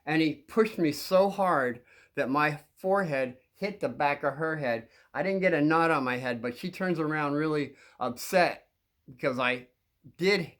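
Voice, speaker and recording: A man's voice: a little high, unhurried, fairly bright tone. A man telling a long story from his school days to young listeners, rambling with frequent restarts and repeated words.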